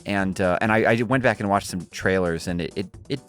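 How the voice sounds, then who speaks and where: A man's voice: low-pitched, fairly quick, a bit bright, faint music behind. A man chatting about games over an online call whose audio sounds robotic, rambling with many restarts. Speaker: co-host. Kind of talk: casual chat about games.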